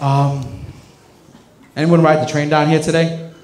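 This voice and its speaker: High-voiced young New comic. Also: male voice, steady tone, a little slow, pauses often. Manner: rambling, filler-heavy storytelling. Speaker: stand-up comedian. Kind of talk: stand-up comedy set. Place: comedy club stage. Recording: echoey club room with crowd. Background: audience laughter.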